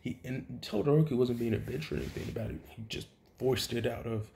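A man improvises a fan story aloud in a relaxed, rambling way, full of fillers and self-corrections. His voice carries a gravelly fry, and he gets loud and excited when the story turns dramatic. A faint hiss runs under the recording. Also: medium pitch, fairly quick. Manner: rambling, with many fillers and restarts. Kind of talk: casual improvised retelling.

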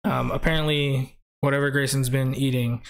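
A man's voice: mid-range voice, little pitch movement, moderate pace, gravelly. A man hosting a game live stream in a rambling, chatty way, reading out viewer names and laughing often. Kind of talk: casual live-stream chat.

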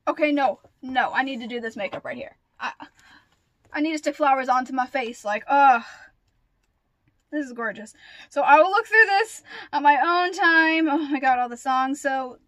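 A young woman vlogger chatting casually through an unboxing, gushing and excitable with lots of gasps and fillers. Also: sits high, normal speed, no room sound.

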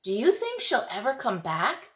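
A woman voicing a young boy lemon shark in a storybook, eager and sweet with high, excited questions. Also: normal speed, echoey room, far from the mic, slight background noise.

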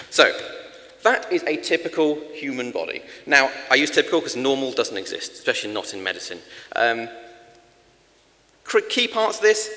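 A man giving a quick, jokey lightning talk on first aid at a conference, with dry asides. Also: mid-range voice, sharp tone. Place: large conference hall. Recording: long reverb of a conference hall.

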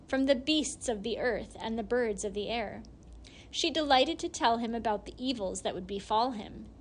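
A woman reading a storybook aloud in steady, measured narration. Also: fairly high pitch, slight background noise. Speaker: reader.

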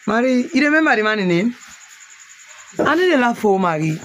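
A woman from Sierra Leone with a Krio accent, vlogging outdoors in a family compound on a handheld phone. She teases with quick questions and also explains things. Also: on the high side, big pitch swings, slight background noise. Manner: teasing, rapid questioning, then explaining. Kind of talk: casual vlog talk, teasing and touring.

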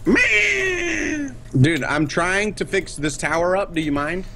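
A man's voice: high-pitched, very animated, slow pace, vocal fry, very noisy. A young man playing a game with a friend, teasing him playfully and bursting into mock outrage. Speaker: co-player, guest. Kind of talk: casual gaming chat.

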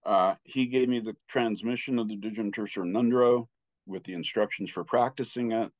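A man in his sixties, a Buddhist teacher, telling a personal story in a halting way with many restarts. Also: fairly low pitch, no echo. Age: 60s. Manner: halting, with frequent restarts and filler. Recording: slightly muffled dry recording.

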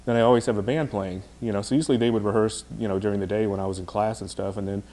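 Fast-talking, chatty artist man. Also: lowish voice, steady tone, dark tone, a little hiss or hum. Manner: rambling, chatty storyteller. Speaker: artist guest. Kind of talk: casual anecdotal storytelling. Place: podcast interview.

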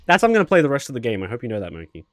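A man's voice: mid-range voice, wildly swooping pitch, racing, dry recording, clean studio sound. A man streaming a video game with casual commentary, joking, cocky and swearing.

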